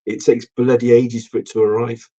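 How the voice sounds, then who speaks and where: A man's voice: mid-range voice, level tone, moderate pace, warm tone. A middle-aged man hosting a casual live stream, rambling and swearing with lots of ums. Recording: dull lo-fi stream audio.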